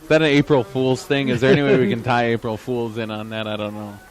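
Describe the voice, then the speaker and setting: A man's voice: mid-range voice, flat delivery, quick pace, soft background music, poor audio. A man giving chatty, joking color commentary on a college baseball game.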